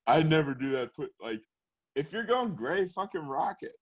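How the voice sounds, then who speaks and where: A man's voice: on the high side, big pitch swings, measured pace, slightly rough. Laughing, profane young man co-hosting. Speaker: podcast co-host. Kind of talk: casual chat.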